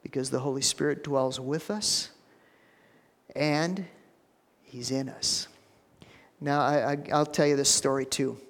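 A middle-aged man preaching a sermon as pastor, folksy and repeating his words, rising to loud preaching. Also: medium pitch, steady tone, a little slow, pauses often. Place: church sanctuary. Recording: long church hall reverb.

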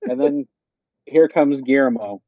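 A man's voice: mid-range voice, a little slow, dry recording, phone-quality sound. A man co-hosting a podcast, casually recapping a TV episode, rambling and quoting the characters. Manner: rambling, quotes characters in raised voices. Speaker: podcast co-host.

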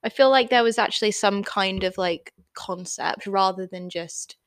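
A young woman chatting casually as a co-host, giggly and quick to react. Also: mid-range voice, no echo. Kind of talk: casual chat.

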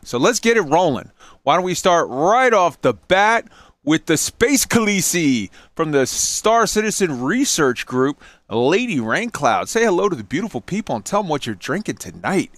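A male podcast host chats loosely and jokingly with his guests. His pitch swings widely and the sound is dry and close, with no room in it. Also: moderate pace, no room sound. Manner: loose, drinking and joking, lively swoops. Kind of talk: casual chat.

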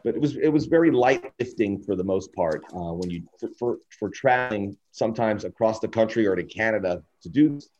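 A man's voice: fairly low pitch, expressive, a little fast, hardly any pauses, darkish tone. A middle-aged man, a sports broadcaster, giving a candid interview and telling anecdotes while acting out quoted dialogue. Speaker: sports broadcaster, podcast guest. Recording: dull lo-fi audio.

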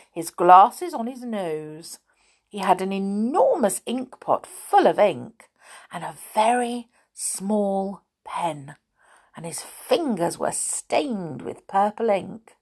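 Animated woman reading a storybook. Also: mid-range voice. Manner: expressive, animated. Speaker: narrator. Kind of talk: storybook read-aloud.

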